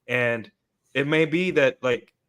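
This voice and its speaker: A man's voice: mid-range voice, takes it slowly, fairly bright tone, smooth. A man co-hosting a podcast, talking in a loose, rambling way with many restarts. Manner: rambling, full of restarts and fillers. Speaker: podcast co-host. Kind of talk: casual podcast discussion.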